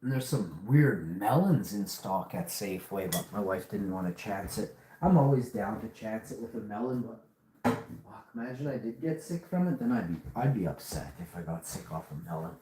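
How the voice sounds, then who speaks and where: A man's voice: lowish voice, moderate pace, echoey room. A man hosting a casual vlog, telling rambling stories full of swearing. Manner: profane, rambling, animated storytelling. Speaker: host.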